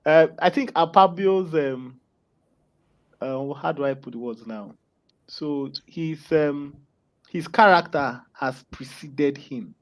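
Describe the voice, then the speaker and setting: A man's voice: on the high side, takes it slowly, low-quality recording. A man giving political commentary as a panel guest, hesitant and groping for words.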